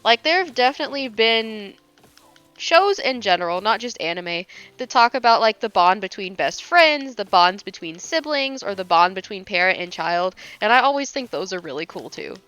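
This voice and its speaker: A young woman streamer talks casually as she plays, gushing and teasing herself, with a lively, swooping voice. Her tone is bright and crisp, and it sounds dry and close. She laughs often and swears lightly. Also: medium pitch, normal speed, dry recording. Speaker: livestreamer. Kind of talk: casual chat while gaming.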